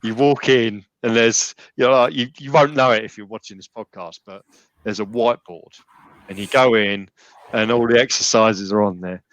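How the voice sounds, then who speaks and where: A man's voice: on the low side, steady tone, moderate pace, no room sound, muffled recording. A man talking casually as a podcast guest, rambling with many restarts and fillers. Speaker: gym member guest.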